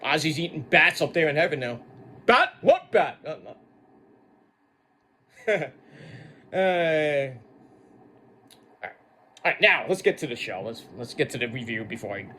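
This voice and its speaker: A man's voice: mid-range voice, normal speed, long pauses. A man hosting a wrestling review, ranting casually with lots of swearing and mockery. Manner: animated, swearing, mocking. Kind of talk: casual profane rant.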